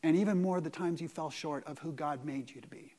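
A man preaching a sermon, asking rhetorical questions and swinging between loud emphasis and quiet asides. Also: a little high, a little fast. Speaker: pastor.

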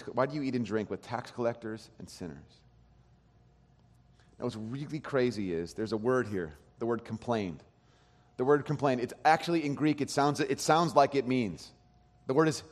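A man preaching a sermon as pastor, animated, swinging between hushed and loud. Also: fairly high pitch. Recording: long hall reverb.

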